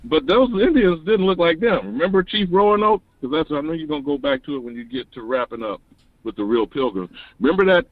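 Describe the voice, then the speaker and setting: A man calling in to an online talk show, delivering an animated, preachy monologue that rises to emphatic declarations. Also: a little high, fairly quick, no echo. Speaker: caller. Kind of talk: passionate call-in monologue. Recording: dull lo-fi dry call-in audio.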